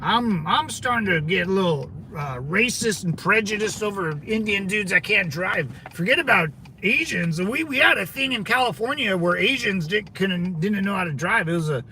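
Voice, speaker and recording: Loud outdoor traffic and road noise run constantly behind a Marine veteran in his thirties who hosts a channel. His high-sitting voice carries a rambling, profane livestream chat full of fillers and tangents.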